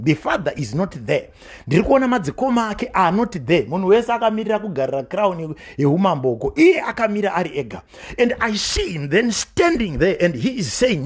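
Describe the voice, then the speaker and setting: A man preaching a sermon from home, switching between Shona and English, with rising passion and shouted calls. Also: high-pitched, big pitch swings, a little fast, slightly rough. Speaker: pastor.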